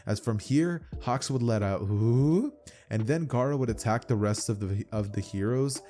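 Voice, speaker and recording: A man's voice: lowish voice, normal speed, mellow. Casual man retelling an anime fan story. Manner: loose, repeats "as from here", fillers. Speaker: youtube narrator. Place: home.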